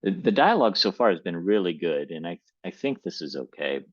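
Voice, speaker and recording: A male writing coach giving a live critique of a manuscript, reading passages aloud and thinking through his comments in a measured, tentative way. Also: low voice, sing-song, no room sound, lo-fi sound.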